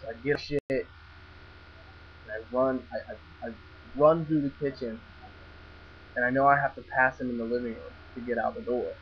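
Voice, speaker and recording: Young guy, mid pitch, telling a rambling first-person story with restarts and swearing, on a dull lo-fi recording with faint hum. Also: steady tone, moderate pace, pauses often. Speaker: vlogger. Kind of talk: casual storytelling.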